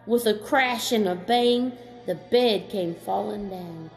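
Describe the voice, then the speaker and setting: A woman reading a children's story aloud as storyteller, gentle and slow, chatting to a child in between. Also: mid-range voice, soft background music.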